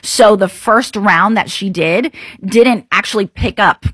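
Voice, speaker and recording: A woman's voice: mid-range voice, a little slow, fairly bright tone, slightly rough, no echo. A woman reporter talking casually in a radio interview, chatty with many fillers and restarts. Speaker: news reporter guest.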